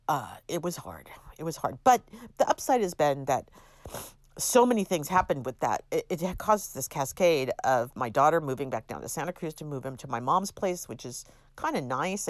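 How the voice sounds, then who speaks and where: With a low voice and no room sound, this middle-aged podcast host from California delivers a casual solo monologue. Her talk is chatty and rambling, self-deprecating, and full of restarts.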